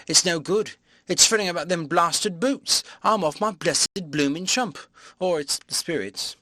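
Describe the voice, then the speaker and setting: A man's voice: a little slow, no room sound, clean studio sound. A man voicing a flustered tramp. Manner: excitable, flustered, higher-pitched. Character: bewildered middle-aged male country tramp.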